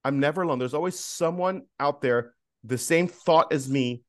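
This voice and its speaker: A man's voice: fairly high pitch, normal speed, dry recording. Man, podcast co-host, casual chat, rambling, teasing, dry close sound. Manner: rambling, teasing, with many restarts.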